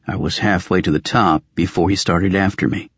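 A man's voice: deep voice, steady tone, normal speed, husky, no echo, lo-fi sound. A man narrating a fantasy audiobook in the first person, in a dry, wry, world-weary tone.

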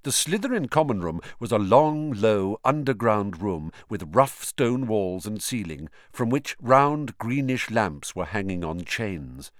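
Brief: expressive male audiobook narrator, low and animated, dry booth sound. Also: measured pace, few pauses, no echo. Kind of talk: scripted narration.

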